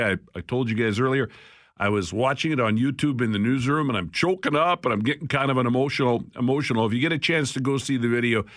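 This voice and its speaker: Man, radio host, casual chatty delivery, mid-pitched voice, dry close studio sound. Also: a bit bright, no echo. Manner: conversational, with frequent fillers. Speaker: radio talk show host. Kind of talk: casual talk radio hosting.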